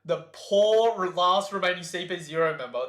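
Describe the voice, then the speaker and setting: A man's voice: high-pitched, lively intonation, normal speed, a bit bright, reverberant. A man streaming a live reaction, chatting casually and reading comic panels aloud in exaggerated voices.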